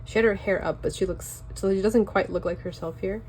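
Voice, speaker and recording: A woman's voice: medium pitch, a little fast, darkish tone, slight background noise. A young woman with a Californian accent, chatting casually and loosely while showing her sketchbook at home. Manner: chatty, loose and rambling with fillers. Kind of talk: casual chat.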